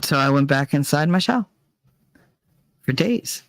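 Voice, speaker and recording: A man's voice: on the high side, expressive, unhurried, vocal fry, dry recording. A man from New Jersey talking candidly to his viewers in a rambling, profane, confessional way, sometimes mimicking other people. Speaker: channel host. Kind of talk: candid personal monologue to viewers.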